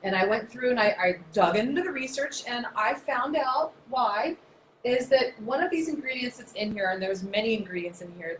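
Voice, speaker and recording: Animated, chatty woman in her thirties. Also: mid-range voice. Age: 30s. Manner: animated, chatty, self-described nerdy. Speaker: naturopath presenter. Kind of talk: casual explanatory talk. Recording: echoey room, faint noise.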